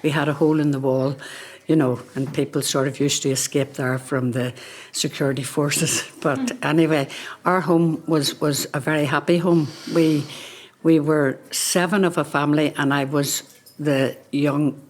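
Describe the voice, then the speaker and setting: An older woman with a Belfast accent who reminisces about home in a gentle, reflective way, often softening with small hedges. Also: sits low, steady tone, moderate pace. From North Belfast. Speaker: carer sharing memories. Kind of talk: reminiscing on a podcast.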